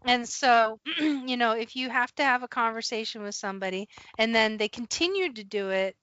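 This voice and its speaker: A bright, forceful middle-aged woman hosts a casual podcast chat, spinning a workplace story with lots of laughter and acted-out quotes. Her voice sits a bit high, and the recording is dry and slightly dull, like a lo-fi podcast mic. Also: moderate pace, clear, resonant tone, no echo. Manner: animated, laughs often, acts out quotes. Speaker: podcast host and HR professional.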